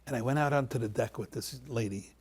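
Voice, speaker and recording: A man telling a heartfelt personal story on a panel, animated and repeating phrases as he acts out the people in it. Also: mid-range voice, fast, husky. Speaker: panel guest.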